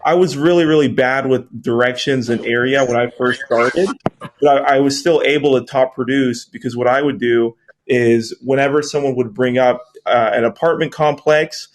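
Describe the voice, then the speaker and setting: A man with a mid-pitched voice talks in a casual group audio chat. He explains things steadily in a sales tone and shares tips from his work as an apartment locator. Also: steady tone, normal speed.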